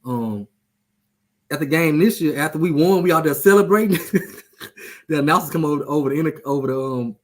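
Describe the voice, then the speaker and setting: A man's voice: a little high, brisk, long pauses. A man hosting a casual sports chat show, talking loosely, joking and trash-talking. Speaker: show host.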